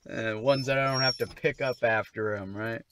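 A man's voice: mid-range voice, a bit bright, no echo. A man vlogging casually, short on sleep, talking to his dog in an exasperated, swearing, mock-scolding way.

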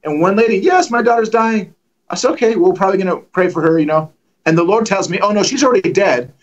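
Middle-aged guy preaching fast, high voice, acts out all the quotes. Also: lo-fi sound. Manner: animated, acts out dialogue with lively voices. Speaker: guest preacher. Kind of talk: storytelling testimony.

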